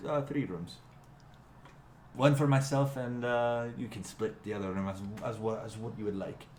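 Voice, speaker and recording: A man's voice: mid-range voice, normal speed, a little mellow, voice pushed up, lightly acted. A man voicing a blustering male adventurer companion with a pompous, theatrical manner. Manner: pompous, dramatic exclamations. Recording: echoey room, faint hum.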